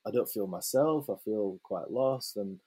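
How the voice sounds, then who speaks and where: A man's voice: on the low side, unhurried, slightly rough. Chatty man telling a story. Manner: lively, swears freely, many fillers and restarts. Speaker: interview guest. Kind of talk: casual storytelling.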